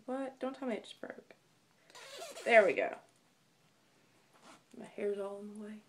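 A woman's voice: mid-range voice, measured pace, a bit bright, slight background noise. A young woman chatting casually to camera as a vlogger, bubbly and gushing as she rambles.

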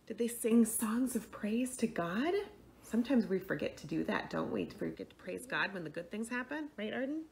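A young woman who leads children's faith classes, gently telling a Bible story to children and often checking in with them. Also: medium pitch, animated, normal speed, gravelly, slight background noise. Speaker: children's faith formation director.

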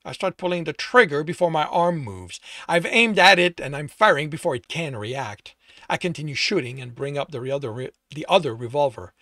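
A man's voice: fairly high pitch, expressive, brisk, bright, forceful tone, dry recording. Male author narrating first person, stumbles and self-corrects, dry close read. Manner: rereads and corrects his own slips. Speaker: author reading his own novel.

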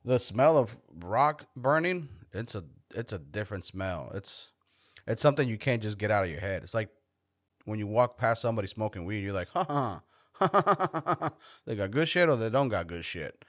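A man's voice: lowish voice, expressive, brisk, dry recording. A man hosting his own show, talking in a casual, rambling monologue that is blunt, profane and joking. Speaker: podcast host. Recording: dull, dry lo-fi recording.

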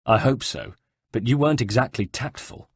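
A man voicing a calm, guarded male assassin who speaks curtly, in a dry, husky recording. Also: medium pitch, moderate pace, no echo.

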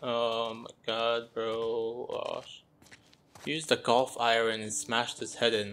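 A man's voice: medium pitch, level tone, takes it slowly, fairly bright tone. A young man doing gameplay commentary, groaning and muttering his exasperated reactions. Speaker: gameplay streamer.

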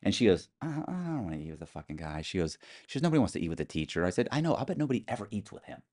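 A man with a fairly low voice tells a story in a casual interview, his pitch leaping around as he acts out the people in it. He is blunt and swears freely. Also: rapid-fire. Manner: animated storyteller acting out quoted voices. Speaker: interview guest.

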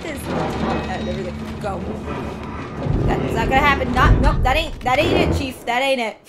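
A young adult woman hosting a let's play, chatting excitably and getting easily frustrated at the game. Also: fairly high pitch. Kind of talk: casual gameplay commentary. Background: loud game music.

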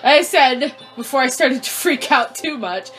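A young woman hosting a let's play, panicking, squealing and shouting at her game character, repeating words in quick streaks. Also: sits high, animated. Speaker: gaming channel host. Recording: faint game music behind.

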